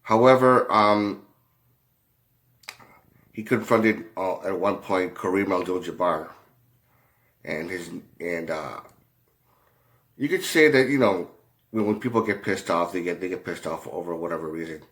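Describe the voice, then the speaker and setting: A commentator with a low, fairly bright voice tells a rambling story in a casual way. He halts often, swears a lot, and is full of fillers and restarts.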